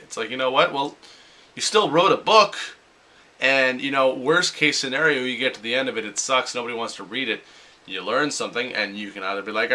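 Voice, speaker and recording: A man's voice: mid-range voice, a little fast, pushed and bright. A young adult man talking casually in a motivational vlog, often acting out his own inner voice. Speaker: vlogger.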